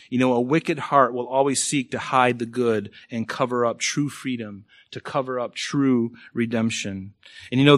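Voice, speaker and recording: A man preaching a sermon, reading scripture and acting out quoted speech, dropping to a soft voice for dramatic lines. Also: medium pitch. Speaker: pastor.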